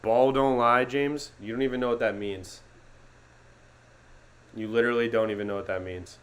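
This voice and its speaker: A young man hosting a live sports reaction stream, swinging from gloomy muttering to excited yelling and talking to his chat. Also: mid-range voice, moderate pace. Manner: talks to chat viewers by name.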